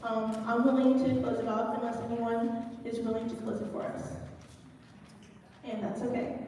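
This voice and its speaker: A woman telling a church children's story as a personal testimony, earnest and emotional, with halting restarts. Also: a little high, level tone, warm tone, slight background noise. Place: church sanctuary. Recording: echoey church hall from far off.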